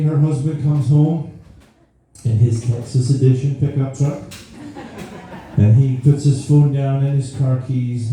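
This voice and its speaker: A man's voice: medium pitch, warm tone, a little hiss or hum. A man performing a live stand-up routine, telling a rambling story that keeps interrupting itself. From Scotland. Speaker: stand-up comedian. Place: live comedy venue. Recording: roomy live venue, mic far off.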